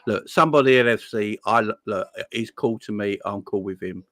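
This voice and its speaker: A man hosting a football fan chat, talking in a calm, conciliatory, laid-back way. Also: fairly low pitch, moderate pace, dry recording. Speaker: fan channel host.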